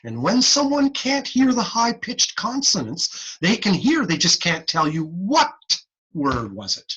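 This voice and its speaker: Animated middle-aged man lecturing slowly. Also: high-pitched, breathy edge, dull audio. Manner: animated, playful teaching with repeated "guess what" and sound demonstrations. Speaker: hearing-instrument instructor. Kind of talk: online lecture. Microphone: video call.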